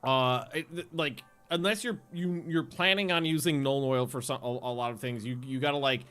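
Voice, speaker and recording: A man streaming a game and chatting casually, rambling, swearing and getting excitable. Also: medium pitch, normal speed, smooth, soft background music. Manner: rambling, profane and excitable, often laughing. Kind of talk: casual chat while livestreaming a game.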